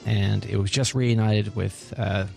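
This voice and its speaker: A man reading a light news story on a radio show in a calm, matter-of-fact way. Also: fairly low pitch, unhurried, creaky, soft background music. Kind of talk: casual news segment.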